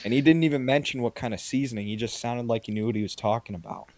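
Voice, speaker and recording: This podcast co-host talks quickly in a mid-range voice, with crowd noise behind him. He's chatting casually on a video call, wandering off topic and cursing without restraint.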